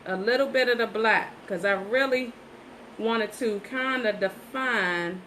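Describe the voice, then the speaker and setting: Woman host, slightly high voice, chatty livestream from a phone, loops back over her words. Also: measured pace, bright, forceful tone, a little hiss or hum, poor audio. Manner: chatty, repeats herself, talks straight to viewers. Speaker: livestream host painting sunflowers. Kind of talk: casual live-stream chat while painting.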